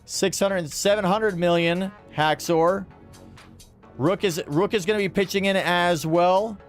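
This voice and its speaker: Faint music plays behind a livestream host running a charity-style auction. His voice is high-pitched and a little slow, with fairly even intonation, as he calls bids in rhythmic, repeated phrases mixed with upbeat chatter.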